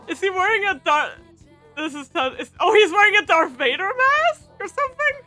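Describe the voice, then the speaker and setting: A woman streamer reacts live with a very high, bright voice that swoops around a lot. She talks slowly and giggles often between gushing remarks, with faint music behind her. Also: sing-song.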